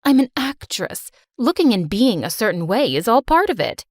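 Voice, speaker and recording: A woman voicing a vain, theatrical mother who was once an actress, with a lower, showy delivery. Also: very animated, moderate pace, no echo, studio quality. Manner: theatrical, dramatic. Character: vain self-absorbed former actress mother.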